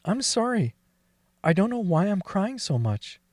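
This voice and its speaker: A man's voice: a little high, very animated, takes it slowly, darkish tone, no room sound, studio quality. An actor playing a crude, bitter man who has lost his memory after a brain injury, swearing constantly and crying in an audio drama. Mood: weeping. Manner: swears constantly, blunt and scornful. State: crying and laughing.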